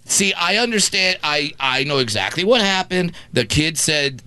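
A man in his thirties spins a comic story on a talk show, his voice bright and forceful. He talks in a slightly high register and keeps dropping into the voices of the people he describes. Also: moderate pace, hardly any pauses. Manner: animated, jumps into voices of the people in his stories. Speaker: guest storyteller.

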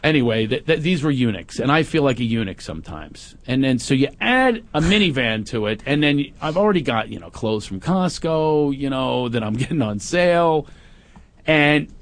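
A middle-aged man telling a family story in casual chat, acting out his teenage son with high shouted lines. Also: very animated, normal speed.

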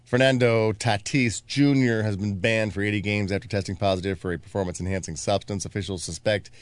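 A man in his forties, a radio show host, trading banter and delivering deadpan one-liners in a casual morning-show style. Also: on the low side, brisk, smooth, dry recording. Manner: wisecracking, deadpan joke delivery.

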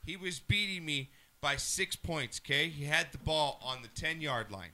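A man hosting a casual sports podcast, joking and excitable, often laughing as he talks. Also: a little high, moderate pace. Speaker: podcast host.

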